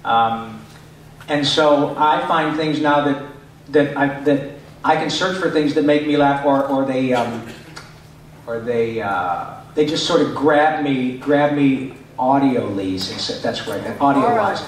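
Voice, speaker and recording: A man's voice: medium pitch, slow pace, a little hiss or hum. A middle-aged man from Michigan, a voice actor chatting and joking with fans at a convention panel Q&A. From Michigan, USA. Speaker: voice actor guest answering fan questions. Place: large convention hall. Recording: echoey hall, picked up from far off.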